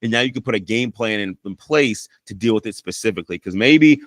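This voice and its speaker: A man's lowish, slightly bright voice moves at a quick pace in a dry, clean studio recording. He works as a counselor and life coach and teaches communication skills informally, with frequent "right?" and "you know" check-ins and acted-out sample apologies and I-statements.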